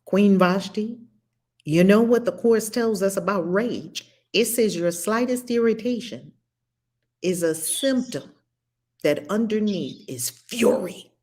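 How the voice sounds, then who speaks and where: A woman's voice: medium pitch, a little slow, a little mellow. A woman hosting a livestream spiritual study group, talking earnestly and reading viewer comments aloud. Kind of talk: livestream discussion.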